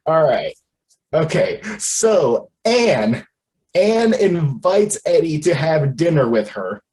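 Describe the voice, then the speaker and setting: A man chatting casually about a movie he reviewed, animated and laughing often as he acts out lines. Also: on the high side, takes it slowly, poor audio. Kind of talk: casual chat.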